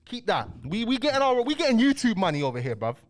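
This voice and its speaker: A man's voice: high voice, wildly swooping pitch, fast. A man delivering heated, slangy commentary as a YouTube host. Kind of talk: ranting commentary.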